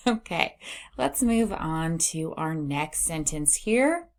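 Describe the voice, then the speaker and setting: A woman in middle age leads a reading lesson for small children, speaking slowly and sounding each word out with care. Her fairly low voice swoops up and down with a lively, animated pitch. Every so often she hums a few notes as she looks over the page. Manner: slow, exaggerated word-by-word reading aloud; humming while she scans for letters. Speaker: reading teacher. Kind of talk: online phonics lesson for young readers.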